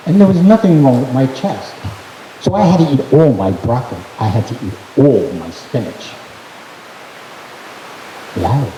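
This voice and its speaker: A man performs a story live on stage, swinging his voice from low mutters to high outbursts. His tone is mellow and dark, with the sound ringing around a roomy hall. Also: a little hiss or hum. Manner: animated, theatrical.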